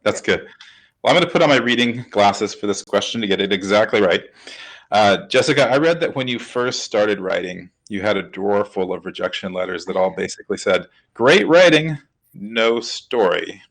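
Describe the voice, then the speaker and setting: A man's voice: lowish voice, fairly quick, a bit bright, rough recording. A man hosting a webcast interview, talking in an upbeat, chatty way with lots of fillers. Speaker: webcast host. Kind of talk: casual hosted interview.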